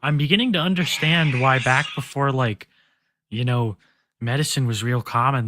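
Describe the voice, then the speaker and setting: A man's voice: mid-range voice, normal speed, sharp tone, no room sound, studio quality. A man streaming live, giving crude, rambling, mocking commentary to his chat. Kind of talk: casual chat to stream viewers.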